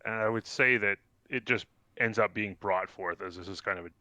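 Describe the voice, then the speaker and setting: Man, low pitch, bright and animated, stammering, excitable. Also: a little fast, dry recording. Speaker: tabletop game player. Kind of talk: casual play in character.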